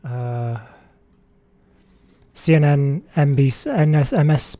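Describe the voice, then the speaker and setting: A man hosting a casual gaming livestream, chatting in a relaxed way and reading viewer messages aloud. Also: on the high side, slow pace, no room sound. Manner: relaxed, chatty, reads chat aloud, frequent fillers. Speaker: streamer host.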